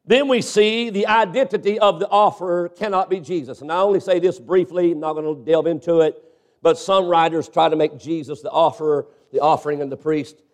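Man, high-pitched voice, preaching, frequent amens. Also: steady tone, a little fast, a little mellow. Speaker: pastor. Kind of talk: sermon.

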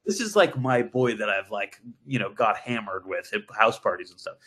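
Man, brewery guest, casual podcast chat, animated storytelling, lots of swearing. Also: on the low side, moderate pace, slightly rough.

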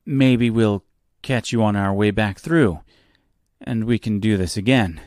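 A man's voice: lowish voice, measured pace, darkish tone, no room sound, clean studio sound, lightly acted. A man voicing a nervous polite young woman. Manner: hesitant and polite.

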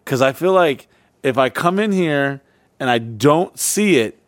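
A man co-hosting a podcast in casual, profane banter, rambling with restarts and sudden loud impressions. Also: medium pitch, animated, a little slow, no echo. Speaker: podcast co-host.

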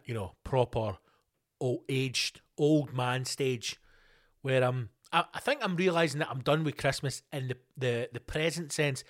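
A middle-aged Scottish man hosting a podcast, ranting alone in a sweary, animated, storytelling way. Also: medium pitch. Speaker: podcast host. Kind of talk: casual solo rant.

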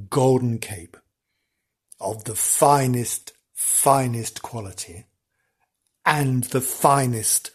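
A podcast host spins local history into comic storytelling. The delivery is theatrical, full of gasps and repeated words. The voice swoops through a lively range and is a little husky. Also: mid-range voice.

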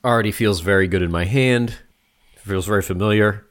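A man's voice: fairly low pitch, fairly quick. A man co-hosting a casual podcast chat, teasing and offhand and loosely explaining things. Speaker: podcast co-host.

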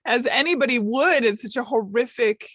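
A woman's voice: fairly high pitch, normal speed, fairly bright tone, slightly rough, no room sound, clean studio sound. Emotional woman telling a personal story. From United States. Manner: emotional, self-deprecating, quotes others in light voices. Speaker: podcast host, guest.

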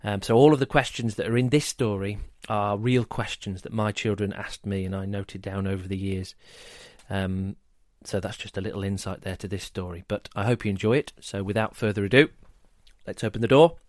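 Calm low-voiced male storyteller. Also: dry recording, studio quality. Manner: calm and measured, reading rhyming verse. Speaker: storyteller and podcast host. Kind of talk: gentle storybook narration.

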